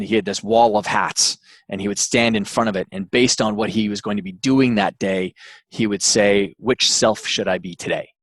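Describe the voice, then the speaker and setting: A man, an author interviewed as a guest, telling an anecdote in a relaxed way with frequent fillers and restarts. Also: lowish voice, dry recording. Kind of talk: interview storytelling.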